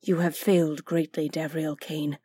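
A hostile bodiless entity speaks in a hushed, threatening whisper, voiced by a woman. The voice sits low and is recorded close and dry. It sounds like an audiobook reading. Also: flat delivery, normal speed, slightly rough, dry recording. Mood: menacing. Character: cold hostile bodiless entity, ancient and menacing.

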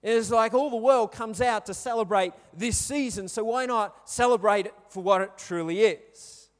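A man's voice: sits high, moderate pace. A man in his thirties with an Australian accent, giving a chatty sermon full of stories and questions to the congregation. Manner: chatty, storytelling, asks the crowd questions. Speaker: pastor. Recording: reverberant hall.

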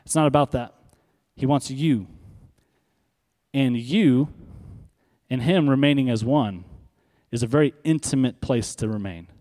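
A man preaching a sermon as pastor, stressing and repeating key words and slowing down for emphasis, speaking in a church sanctuary. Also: medium pitch, a little mellow. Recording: long hall reverb.

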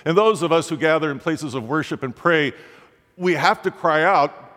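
A man's voice: moderate pace, a bit bright. A man preaching a sermon, dramatic, his voice rising sharply on the pleading questions he voices. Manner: dramatic, rising pitch on quoted pleas. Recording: long hall reverb.

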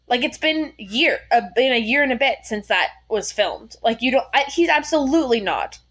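A woman's voice: on the high side, animated, normal speed, a bit bright, a little hiss or hum. A young woman co-hosting a podcast, chatting casually with blunt, sarcastic remarks and free swearing. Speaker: podcast co-host. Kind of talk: casual chat.

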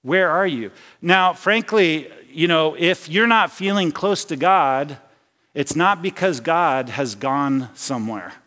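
A man's voice: on the high side, slow, bright, forceful tone, in a large hall. A man preaching a sermon as pastor, talking conversationally and often restarting his phrases. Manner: conversational, with repeated restarts and personal anecdotes. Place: church sanctuary.

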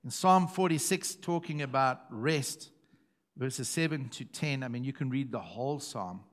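A middle-aged man preaching a sermon, repeating phrases and swinging between hushed and loud. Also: medium pitch, normal speed. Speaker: pastor.

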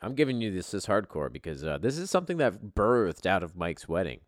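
A man hosting a podcast in casual, profane banter, excitable and swearing, with sudden jumps in volume. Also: low-pitched, fairly quick, no echo, studio quality. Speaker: podcast host.

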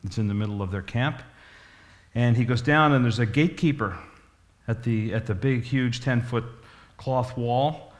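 A man's voice: mid-range voice, normal speed. A man in his sixties, a pastor telling stories in a folksy, rambling sermon. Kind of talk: storytelling sermon.

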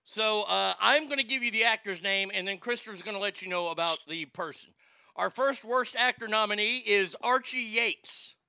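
A man's voice: high-pitched, normal speed, vocal fry, pushed and bright, smooth, dry recording. A man co-hosting a podcast, bantering loosely about movies with joking, profane asides. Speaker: podcast co-host.

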